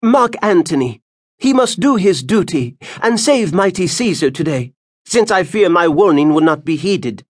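A man voicing an old woman seer in an audiobook, with a high, strained delivery. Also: big pitch swings, normal speed. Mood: ominous.

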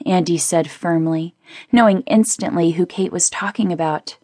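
A woman reading a novel aloud as an audiobook narrator, in a measured, steady way. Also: no echo, studio quality. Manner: measured, voices characters with small pitch shifts. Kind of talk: scripted narration.

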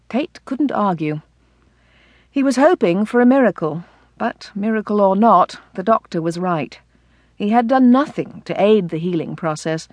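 A woman narrating an audiobook in a measured, clear storytelling manner. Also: medium pitch, no room sound, clean studio sound. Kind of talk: scripted narration.

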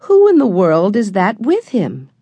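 Lively curious girl, read by a woman. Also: mid-range voice, a little slow, husky, no room sound, muffled recording, pitched above the performer's own voice, exaggerated voice. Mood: eager.

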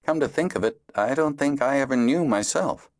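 A man voices a fatherly male harper master who speaks earnestly and emphatically, with a sheepish mood. His natural-sounding, mid-range voice is pitched above his own, with lively intonation at a moderate pace. The recording is dry and studio quality.

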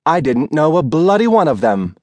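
A man's voice: on the high side, very animated, normal speed, no echo, voice pushed up. A man voicing a faded former film star, an older woman who is grand, theatrical and fond of drink. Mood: grandiose. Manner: haughty and theatrical.

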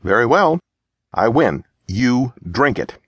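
Man voicing a young cavalry officer, playful, teasing, high-pitched, slow sung ballad. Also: big pitch swings, breathy edge, dry recording, muffled recording, full character voice.

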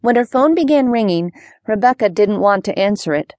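A woman narrating a children's mystery audiobook in clear, even storytelling. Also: medium pitch, brisk, dry recording.

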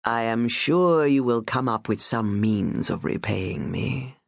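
A woman narrating an audiobook voices a sinister, amused male aristocrat with a mellifluous voice and a soft, mocking drawl. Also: a bass voice, lively intonation, takes it slowly, creaky, no room sound, studio quality, pitched below the performer's own voice, full character voice. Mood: silkily menacing. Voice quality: mellifluous, silky. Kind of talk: audiobook character voice.

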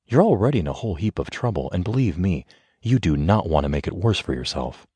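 A man narrating an audiobook voices a stern, commanding husband who gives low, firm warnings. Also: big pitch swings, quick pace, mellow, husky, no room sound, full character voice.

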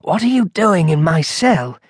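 A man's voice: a little high, a little fast, dry recording, studio quality, close to an everyday voice. A man voicing a frightened medieval monk who is lost in time, speaking in quavering, panicked exclamations. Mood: fearful.

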